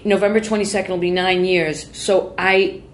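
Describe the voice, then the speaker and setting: Low-voiced woman telling a raw, profane story. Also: level tone, moderate pace, slight background noise. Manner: raw, profane, self-interrupting. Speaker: guest. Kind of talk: candid personal storytelling. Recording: echoey room with faint ambience.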